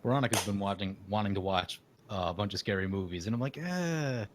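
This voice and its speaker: A man chatting casually at a card game in a low-key, dryly understated way. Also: fairly even intonation, quick pace, background noise. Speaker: player.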